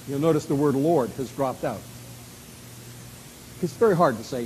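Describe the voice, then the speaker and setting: A man preaching an expository sermon in an emphatic way, with dramatic swings between soft and loud. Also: fairly high pitch, very animated, normal speed, breathy edge, poor audio.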